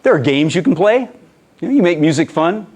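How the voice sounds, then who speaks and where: Animated male conference presenter. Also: a little high, a little fast. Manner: animated storytelling with quoted voices. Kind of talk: lecture presentation.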